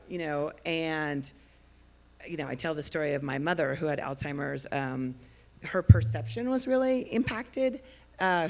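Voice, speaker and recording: A woman filmmaker speaking on a festival panel, telling stories in an animated way and laughing as she talks. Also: sits low, vocal fry. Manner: animated storyteller, laughs while talking. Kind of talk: panel discussion.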